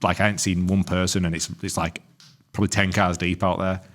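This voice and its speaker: A man's voice: deep voice, level tone, brisk, a bit bright. A man, co-hosting a casual podcast, telling a story with plenty of swearing and acting out what each person said. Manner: sweary storytelling, acts out both sides. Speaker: podcast co-host. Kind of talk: casual chat.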